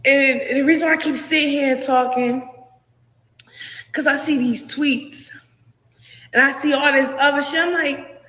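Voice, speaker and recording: A woman speaks frankly and profanely about her own life, acting out what people said to her. Her voice is high and bright. The clip sounds roomy, with a long echoing tail. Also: steady tone, moderate pace, long pauses. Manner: blunt, profane, acts out what was said. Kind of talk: candid personal retelling. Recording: echoey clip with long reverb.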